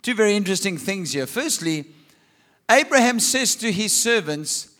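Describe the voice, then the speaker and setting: A man's voice: high voice, animated, moderate pace, pushed and bright. A man preaching a sermon, reading scripture and asking rhetorical questions with humorous asides. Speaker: pastor.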